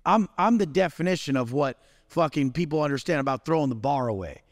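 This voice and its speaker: A man's voice: a little high, lively intonation, a little fast, no echo, studio quality, long reverb tail. A man delivering a profane, aggressive motivational rant as an interview guest. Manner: aggressive, swearing heavily. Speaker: guest speaker.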